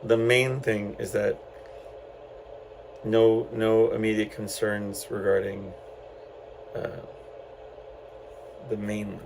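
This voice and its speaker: Gravelly rambling male podcast host. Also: fairly low pitch, little pitch movement, slow, long pauses, noisy background. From San Antonio, Texas. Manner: rambling, loose, many fillers and restarts. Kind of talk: casual solo storytelling.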